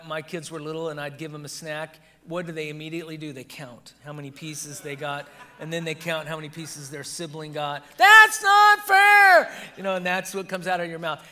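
Pastor, male, slightly high bright voice, lively storyteller. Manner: animated storytelling, laughs at his own anecdotes. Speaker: pastor leading a Bible study. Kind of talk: teaching and discussion.

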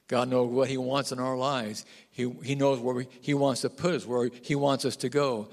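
Animated pastor preaching in an echoing church. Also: male voice, mid-range voice. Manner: animated, repetitive emphasis, asks the congregation questions. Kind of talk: sermon.

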